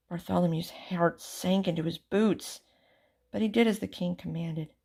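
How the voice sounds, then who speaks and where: A woman reading a children's storybook aloud with expressive, theatrical narration. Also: lowish voice, normal speed, creaky, husky. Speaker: storybook reader.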